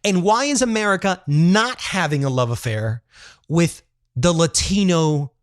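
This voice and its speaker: A man's voice: on the high side, lively intonation, measured pace, no room sound, studio quality. A man co-hosting a podcast in casual, opinionated chat, blunt and swearing freely. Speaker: podcast co-host.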